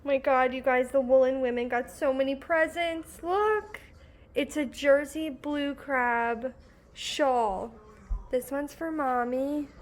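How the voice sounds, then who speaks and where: A young woman hosting a knitting vlog, gushing with excitement over handmade gifts in casual chat. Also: high-pitched, slow pace. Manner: gushing, effusive, exclamatory. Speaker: knitting podcast host.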